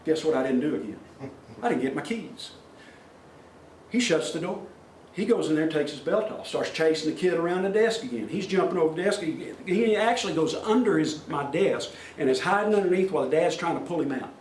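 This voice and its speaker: With a fairly high, slightly mellow voice, a middle-aged man speaks expressively and fairly quickly to a safety meeting crowd. He is a workplace safety speaker telling folksy, plain-spoken stories and acting out quoted voices, recorded at a distance in an echoey meeting room with faint noise.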